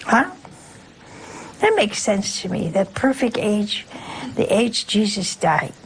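An older nun gives a homely, chatty spiritual talk at a middle pitch. She keeps turning to her listeners with "huh?" and "see?", as if she is talking across a kitchen table rather than from a pulpit. A faint hum of room noise sits behind her. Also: sing-song, slow, low-quality recording. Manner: chatty, keeps checking in with rhetorical questions. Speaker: nun leading her community. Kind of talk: conversational religious teaching.

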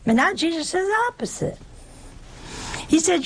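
A woman preaching an informal sermon in a conversational way, asking rhetorical questions and suddenly leaping up in pitch for emphasis. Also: very animated, normal speed, creaky, pauses often.

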